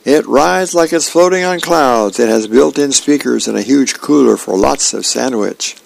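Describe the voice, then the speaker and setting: A man's voice: mid-range voice, moderate pace, gravelly, voice pushed up. A man voicing a slick, phony telemarketer on the phone in a comic strip reading. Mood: salesy. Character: slick male telemarketer, phony cheerful pitchman.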